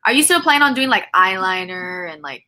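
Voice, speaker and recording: A woman's voice: mid-range voice, sing-song, a little fast, pushed and bright, poor audio. A woman chatting casually as a guest on a live makeup stream over a video call, giggling often and trailing off mid-sentence. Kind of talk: casual chat.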